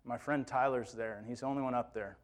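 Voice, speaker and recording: A man's voice: mid-range voice, fairly even intonation, fast talker. A man who works with teens, preaching a sermon as a personal story in a conversational, self-quoting way. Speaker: youth minister preaching.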